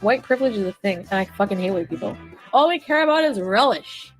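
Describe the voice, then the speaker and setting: A woman's voice: medium pitch, expressive, fast, faint music behind, rough recording. A drunk woman from Canada ranting and swearing on a livestream, slurring her words.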